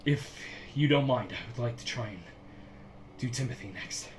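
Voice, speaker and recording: A man's voice: medium pitch, moderate pace, a little hiss or hum, close to an everyday voice. A man voicing a grateful, bearded, scarred man just freed from a curse, speaking with heartfelt relief.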